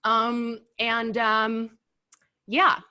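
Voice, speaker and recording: A woman hosting a casual chat while tasting wings, animated and blunt, sometimes talking with her mouth full. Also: a little high, extremely slow, clear, resonant tone. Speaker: host. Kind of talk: casual food review chat.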